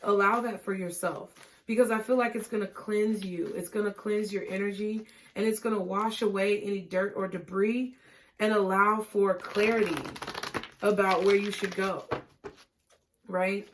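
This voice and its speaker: Woman, tarot reader, gentle, reassuring, casual monologue. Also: mid-range voice, fairly even intonation, normal speed. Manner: gentle and reassuring, with frequent "okay?" check-ins; casual, laughing and swearing at times.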